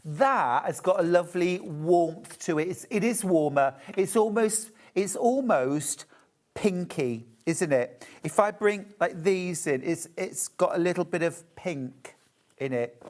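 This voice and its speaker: A woman's voice: fairly low pitch, lively intonation, a little slow, a little mellow. A woman with a British accent presenting a live shopping show, chatting to viewers and gushing over fabrics. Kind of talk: live sales demonstration.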